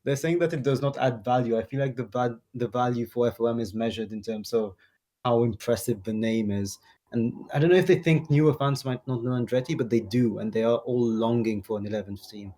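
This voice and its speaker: A man hosting a casual podcast, reading out online reactions in a relaxed way. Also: mid-range voice, a little fast. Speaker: podcast host.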